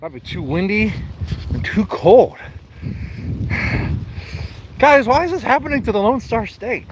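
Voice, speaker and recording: A man's voice: sits high, sing-song, unhurried. A man, vlogging on a phone as he walks outdoors, rambling and joking with mock-outraged outbursts. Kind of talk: joking vlog while walking in snow. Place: outdoors in snowy wind. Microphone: phone held while walking. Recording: loud wind noise on phone mic. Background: wind.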